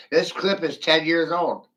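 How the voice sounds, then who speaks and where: A man rambles through a livestream monologue from his chair. He talks slowly in a fairly high, bright voice. He is sardonic, swears freely and laughs between remarks. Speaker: streamer. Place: seated in a chair.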